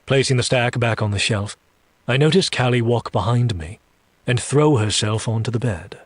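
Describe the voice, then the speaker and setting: A man reads a first-person story aloud in audiobook style, slow and deliberate, dropping his voice low for menacing asides. There is no echo.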